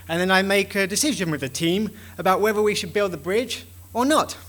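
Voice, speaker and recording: A man with a high, bright and forceful voice delivers a conference talk. He speaks with animation and slips into little acted-out exchanges to make his points. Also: a little fast, a little hiss or hum. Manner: animated, acts out dialogues with shifting voices.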